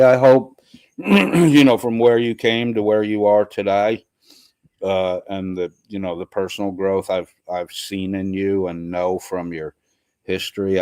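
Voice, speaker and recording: A man's voice: low-pitched, darkish tone, no echo. Congested man hosting a livestream. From US East Coast. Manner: profane, rambling, reads chat aloud. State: congested, sore throat. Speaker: livestream host. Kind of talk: casual live-stream chat reading comments.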